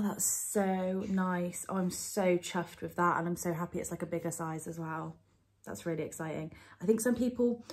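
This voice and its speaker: Young woman vlogger, slightly low voice, gushing and chatty, casual product-review delivery. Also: darkish tone. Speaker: beauty vlogger.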